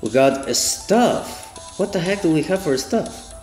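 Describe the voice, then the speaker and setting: A gaming channel host with a high, lively voice does let's play commentary, exclaiming excitedly and laughing often as he plays. He talks at an unhurried pace in a roomy, echoing space, with faint game music behind him.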